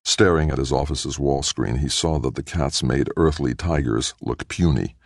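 Very deep, gravelly male narrator. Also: normal speed, dry recording, studio quality. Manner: dramatic storytelling. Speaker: audiobook narrator. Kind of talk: scripted narration.

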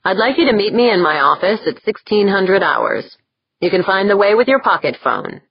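A woman's voice: medium pitch, sing-song, normal speed, vocal fry, breathy edge, no echo, highs cut off, pitched above the performer's own voice, exaggerated voice. A woman narrator voicing a formal, courteous male station director in an audiobook.

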